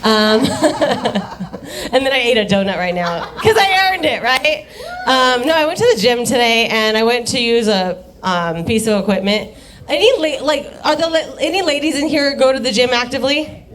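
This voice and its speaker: A woman's voice: a little high, animated, moderate pace, a bit bright. A young woman doing a rambling, profane stand-up set in a bar, often laughing at her own jokes. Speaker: stand-up comedian. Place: dive bar comedy stage.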